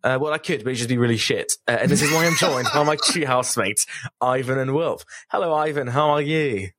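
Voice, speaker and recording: A man's voice: mid-range voice, brisk, noisy background. A man hosting a casual podcast, playful and teasing with his co-hosts. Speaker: podcast host.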